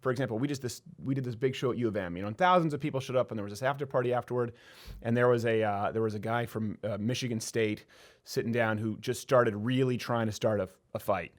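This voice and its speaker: A man hosting a casual chat show, an animated storyteller who acts out the quotes in his stories. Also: medium pitch, fast. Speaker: host.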